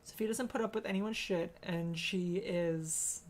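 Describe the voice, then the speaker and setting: A woman in her thirties chatting on a home podcast. She is blunt and swears freely. She keeps dropping into high-pitched impressions of her children. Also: unhurried, crowd noise. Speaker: podcast co-host. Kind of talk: casual chat.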